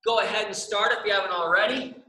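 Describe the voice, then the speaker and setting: A young man with a high, steady, bright voice talks fast and forcefully while teaching an exercise class indoors in a dance studio room. He guides stretches with countdowns and frequent "all right?" check-ins. A camera in the echoey room records him and turns away at times.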